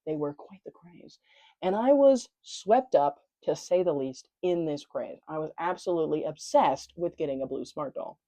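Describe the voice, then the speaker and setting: A woman's voice: deep voice, animated, normal speed, dark tone, dry recording. A woman with a Southern US accent in a casual vlog, chatting animatedly about her doll collection, with playful slang and swearing. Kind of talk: casual chat showing a collection.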